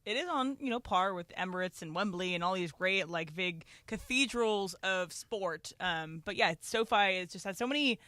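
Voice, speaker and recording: A man's voice: sits high, lively intonation, normal speed, few pauses, bright, forceful tone, dry recording, clean studio sound. A man co-hosting a sports radio show who keeps teasing his partners in casual banter. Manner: teasing, playful. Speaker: radio co-host.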